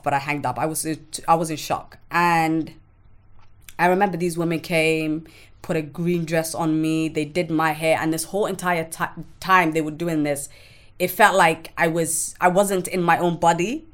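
A woman guest on a podcast telling her own story in a frank, emotional way, swearing freely and often stopping to restart her sentences. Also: lowish voice. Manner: halting, with restarts. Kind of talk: candid personal storytelling.

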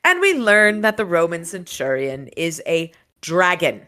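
A woman's voice: fairly low pitch, big pitch swings, measured pace, bright, forceful tone. A woman hosting a casual book discussion, retelling the story with enthusiasm. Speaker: podcast host.

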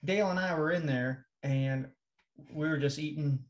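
A man's voice: a little high, moderate pace. A man co-hosting a podcast in casual, loose chat, swearing often and rambling with restarts. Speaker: podcast co-host.

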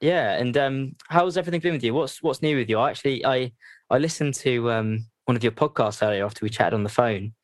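Fast-talking lad, chatty host. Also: male voice, medium pitch, no echo. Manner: chatty, jokey, lots of fillers and restarts. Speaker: podcast host. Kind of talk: casual video-call interview. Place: messy bedroom at his parents' house.

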